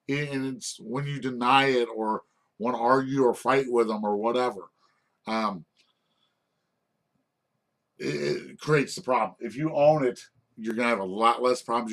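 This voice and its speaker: A man's voice: medium pitch, fairly bright tone. A middle-aged man giving an informal lesson on restaurant management, rambling and checking in with "okay?" after most points. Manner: rambling, repeats "okay?" often, frequent restarts.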